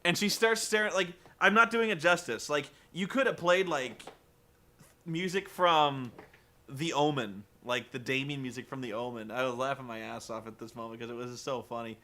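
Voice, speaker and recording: A man casually recapping a wrestling show, animated and joking, swearing freely. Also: mid-range voice, normal speed. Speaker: podcast host recapping wrestling. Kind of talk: casual chat.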